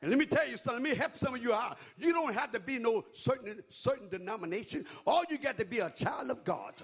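Male preacher hollering a sermon, high and husky, voice all over the place, aave. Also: expressive, quick pace. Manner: shouting, whooping preaching with call-and-response.

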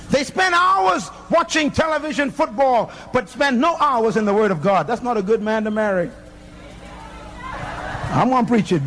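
Fiery high-voiced preacher. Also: male voice, a bit bright, a little hiss or hum. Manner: emphatic, fiery, fires rhetorical questions. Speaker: pastor. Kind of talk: sermon.

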